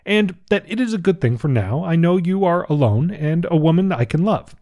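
A man voicing an eager young prince who pleads excitedly with a reluctant cousin he hopes to marry. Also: on the high side, normal speed, voice pushed up, lightly acted. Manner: excited, imploring.

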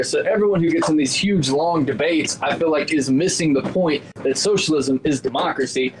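Guy on a podcast calmly explaining his take, soft hum in the background. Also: a little high, rough recording. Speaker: podcast co-host. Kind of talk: casual political chat.

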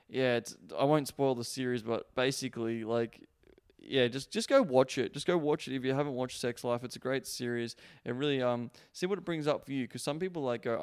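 A man's voice: medium pitch, smooth, no room sound, studio quality. A young man hosting a solo podcast, talking in a rambling, profane way full of fillers. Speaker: podcast host, sex coach. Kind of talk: casual solo podcast monologue.

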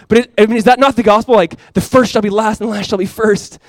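A fast, high-voiced male pastor delivering a sermon. He preaches with animation and acts out the voices in the story. The sound is dry and close. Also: no room sound. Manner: animated preaching, acts out biblical voices, swings between loud and hushed.

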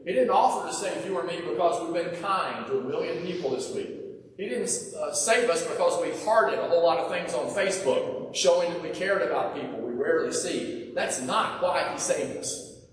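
A man preaching a sermon in an earnest, conversational way, often sinking to a soft hush at the ends of phrases. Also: a little high, lively intonation, normal speed. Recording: echoey hall, mic from far off.

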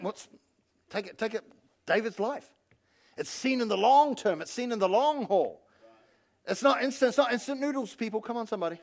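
Gravelly high-voiced male pastor preaching. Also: moderate pace. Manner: animated preaching, calls on the congregation. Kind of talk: sermon.

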